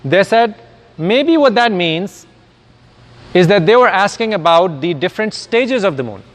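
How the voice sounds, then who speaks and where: A man's voice: high-pitched, animated, a little slow. Man lecturing in a reverberant hall. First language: Urdu. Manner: explains step by step with rhetorical questions. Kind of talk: recorded lecture.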